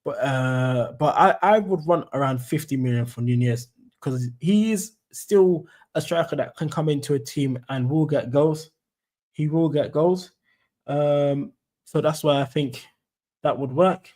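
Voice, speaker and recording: Young London bloke, casual streamer, rambling chat, mellow warm tone. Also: male voice, a little high, a little slow. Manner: chatty, rambling, says "mate" and "you know what I'm saying". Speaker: football fan streamer. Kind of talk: casual live-stream commentary.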